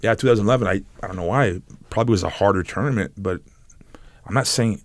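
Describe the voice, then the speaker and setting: A middle-aged man, a podcast guest, telling a long story in a halting, animated way, stopping and restarting and acting out what others said. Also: on the low side, no room sound. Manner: halting, animated storyteller who acts out quotes. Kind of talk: casual storytelling interview.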